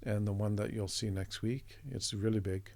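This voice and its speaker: A middle-aged man from Canada, an artist guest telling a story in a chatty, relaxed way, acting out the voices of the people in it. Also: lowish voice, normal speed, no room sound. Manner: chatty, acts out quoted voices, chuckles often.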